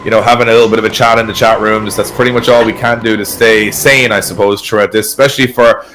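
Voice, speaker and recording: Fast-talking man hosting a stream. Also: lowish voice, steady tone, fairly bright tone, slight background noise. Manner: rambling, chatty, trails off mid-sentence. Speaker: event host. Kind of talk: casual livestream chat.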